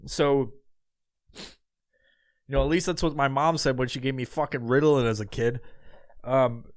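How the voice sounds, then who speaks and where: Brief: male solo podcaster, mid-pitched, dry close sound, rambling and profane. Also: steady tone, moderate pace, no echo. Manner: rambling and profane, with many fillers. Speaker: podcast host. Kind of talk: casual solo podcast monologue.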